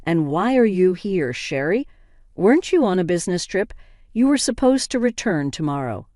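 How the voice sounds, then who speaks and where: A woman's voice: on the low side, big pitch swings, normal speed, mellow, no room sound, studio quality. A woman voicing a guilty, defensive husband in a storybook drama, in her own plain reading voice. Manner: evasive, defensive. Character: guilty, defensive husband and father, adult man.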